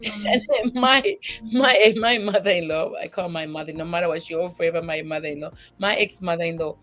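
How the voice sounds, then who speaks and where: Woman guest on a talk show, tearing up but animated, stumbles and restarts a lot, faint music behind. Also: on the low side, a little fast. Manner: tearful, animated storytelling with restarts. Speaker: guest single mother. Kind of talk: emotional testimony in a faith talk show.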